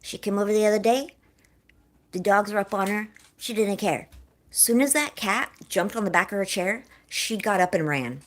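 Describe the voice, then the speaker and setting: A woman's voice: medium pitch, moderate pace. An American woman from California hosting a casual live-stream chat from home, talking straight to her viewers in a chatty, effusive way. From California, USA. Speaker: livestream host.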